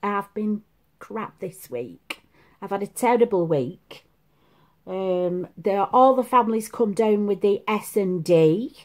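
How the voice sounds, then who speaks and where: Woman in her 50s, unhurried, chatty make-up vlogger, rambling and confiding. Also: mid-range voice. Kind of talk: casual chat. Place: at home, seated.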